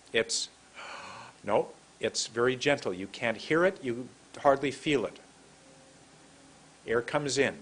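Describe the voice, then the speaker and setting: A man from San Francisco teaching English pronunciation, repeating words slowly and deliberately. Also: mid-range voice. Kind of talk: slow demonstrative lesson.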